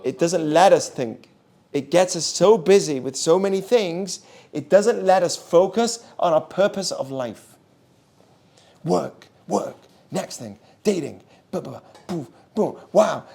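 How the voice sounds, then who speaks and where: A man teaching a class as a rabbi, animated, asking his listeners questions and mixing in Hebrew terms. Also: sits high, unhurried, gravelly. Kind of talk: lively Torah class.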